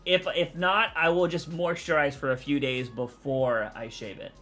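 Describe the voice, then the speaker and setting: A man's voice: fairly high pitch, fairly even intonation, moderate pace, sharp tone, soft background music. A man from Texas, rambling casually as he answers chat on his live stream. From Texas, USA.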